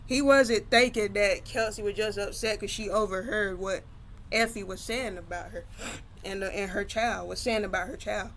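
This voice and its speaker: A woman's voice: medium pitch, steady tone, normal speed, fairly bright tone, a little hiss or hum. A woman casually retelling her own story, loose and conversational with many fillers.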